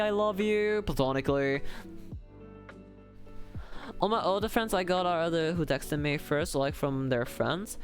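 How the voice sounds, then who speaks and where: A young man chatting casually on a livestream, rambling and self-deprecating with lots of fillers. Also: a little high. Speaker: streamer.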